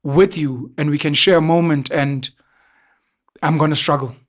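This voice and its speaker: A young man from South Africa, a podcast guest chatting casually and telling stories in an animated way, mimicking other people now and then. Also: a little high, normal speed.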